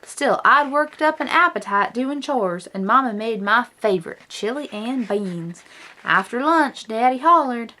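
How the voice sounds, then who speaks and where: Woman doing a horse-mad little cowgirl, put-on Western drawl, high voice, slow storybook read-aloud. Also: expressive, pushed and bright. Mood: eager. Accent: put-on American Western twang. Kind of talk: picture book read-aloud.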